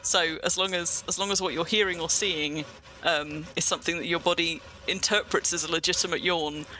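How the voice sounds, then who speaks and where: A woman's voice: fairly low pitch, fairly even intonation, a little fast, pushed and bright, a little hiss or hum. A woman hosting a casual livestream chat, rambling through explanations and laughing often. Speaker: streamer and host.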